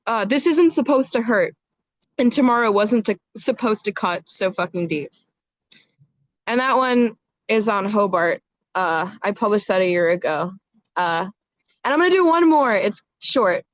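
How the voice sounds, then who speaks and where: A woman's voice: mid-range voice, expressive, a little slow, no room sound. A woman reading her own poetry over a video call, dramatic in the poems and chatty in her asides. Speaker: poet reading her work. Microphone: video call microphone.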